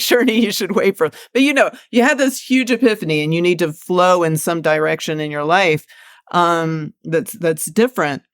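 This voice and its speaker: A woman with a smooth, clear voice talks through her ideas on a podcast, pausing and restarting as she thinks. The sound is dry and close. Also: deep voice, no room sound. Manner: reflective, thinking aloud with fillers. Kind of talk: casual podcast conversation.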